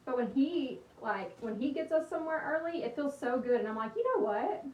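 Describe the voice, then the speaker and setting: A woman's voice: sits high, lively intonation, fairly quick, darkish tone. A young woman, chatting in a bubbly, rambling way while she crafts on a livestream, talking to her viewers. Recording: roomy, slightly distant with faint hiss.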